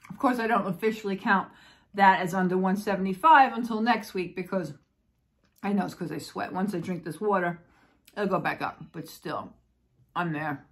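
A woman's voice: fairly low pitch, moderate pace. A woman vlogger chatting casually, rambling and repeating herself, with frequent exclamations. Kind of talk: casual vlog chat.

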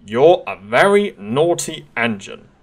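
A man's voice: medium pitch, very animated, slow pace, voice pushed up, exaggerated voice. A man voicing a stern, patient male train driver in a storybook reading, speaking firmly and scolding. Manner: firm, scolding.

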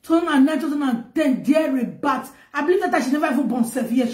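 A high-pitched woman with a Nigerian Pidgin accent runs an emotional gossip vlog, getting animated and loud as she talks. Her voice bounces around an echoey room. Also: quick pace, few pauses. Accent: Nigerian Pidgin English. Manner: animated storytelling in Pidgin, rising and loud when upset. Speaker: vlogger. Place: home in Germany.

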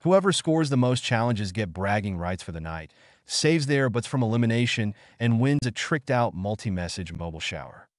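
A man's voice: on the low side, expressive, moderate pace, no room sound, studio quality, lightly acted. A man voicing a smug male TV host in a showy announcing manner. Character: smug male TV host running a camp contest.

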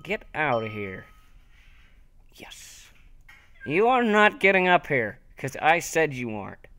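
Young male gaming host, fairly high voice, jumpy and mocking play-by-play. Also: normal speed. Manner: excitable, taunting, talks to himself. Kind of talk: live gameplay commentary.

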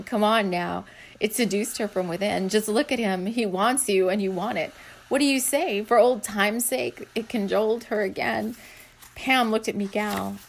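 Giggling woman reading her own novel. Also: on the high side. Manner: keeps breaking into giggles and stumbling over words. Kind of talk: casual reading aloud.

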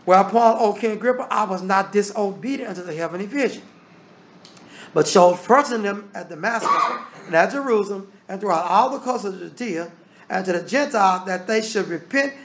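A man's voice: high-pitched, lively intonation, a little fast, slight background noise. A man teaching a Bible study. He reads scripture aloud and explains it in plain, casual talk. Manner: casual Southern American grammar.

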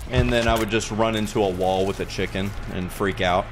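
A man's voice: on the low side, fairly quick, hardly any pauses, music in the background. A man streaming a game and chatting casually, rambling and laughing at himself as he plays. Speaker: gaming streamer. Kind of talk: casual gameplay commentary.

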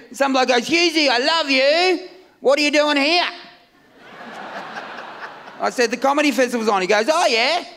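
A middle-aged Australian man doing a loud, brash stand-up comedy set on a festival stage, laughing at his own jokes. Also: extremely high pitch, creaky, slight background noise. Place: comedy festival stage before a live crowd. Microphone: stage microphone.

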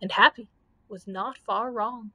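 A woman's voice: fairly high pitch, a little slow, husky, no echo. Woman reading a storybook aloud. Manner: expressive reading with voiced characters.

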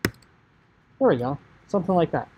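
A man teaching high school computer science, talking casually through code on screen, often saying "like" and acting out what a user might think. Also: lively intonation, a little slow, muffled recording, slight background noise. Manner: chatty, filler "like", acts out inner thoughts. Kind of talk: casual coding screencast lecture.

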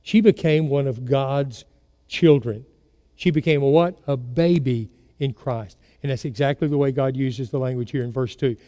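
A man's voice: medium pitch, normal speed, mellow, in a large hall. A man preaching a sermon as pastor, telling stories and putting questions to his congregation. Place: church sanctuary.

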